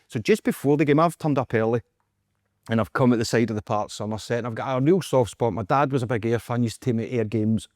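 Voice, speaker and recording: A Scottish man, a podcast co-host, telling a story in casual chat, animated and acting out quotes with frequent laughs. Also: mid-range voice, fast, no echo, studio quality. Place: podcast studio.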